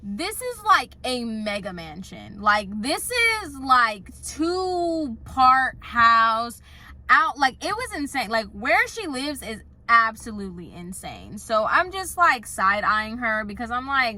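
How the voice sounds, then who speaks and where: A young woman spins a storytime for her viewers, chatty and exasperated, filling every pause with "like". Her voice sits high and sounds bright and lively. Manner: chatty, exasperated, heavy use of filler "like". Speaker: salon worker. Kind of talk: casual storytime vlog.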